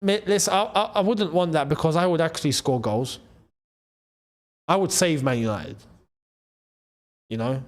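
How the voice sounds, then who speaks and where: A young man with a fairly high voice, commentating live on a football match for his channel. He talks to his viewers casually and swings from low mutters to excited shouts when the play heats up. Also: moderate pace, long pauses. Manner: excitable, shouts at big chances and goals.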